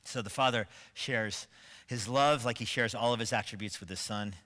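Emphatic pastor with a bright voice. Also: male voice, lowish voice, normal speed, big-room sound. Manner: emphatic, building to forceful stresses; asks rhetorical questions of the congregation. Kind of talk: sermon. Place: church sanctuary.

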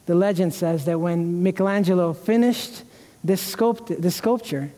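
High-voiced preaching man in a reverberant church. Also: unhurried, warm tone. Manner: earnest, emotional preaching with repeated restarts. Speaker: pastor. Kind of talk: sermon. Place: church sanctuary.

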